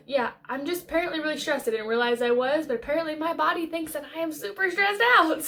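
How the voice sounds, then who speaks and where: Earnest American woman vlogging, slightly high. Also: fairly bright tone. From United States. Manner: earnest, halting, thinks aloud with restarts. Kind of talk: casual life-update vlog.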